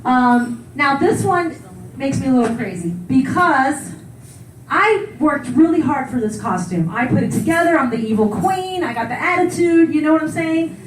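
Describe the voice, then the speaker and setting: A woman's voice: sits high, animated, moderate pace, noisy background. A woman in her forties giving a conference keynote, telling personal stories in a chatty way, laughing often and acting out the voices she quotes. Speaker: keynote speaker. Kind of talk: conference talk, personal storytelling. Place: conference hall. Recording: echoey hall, heard from far off.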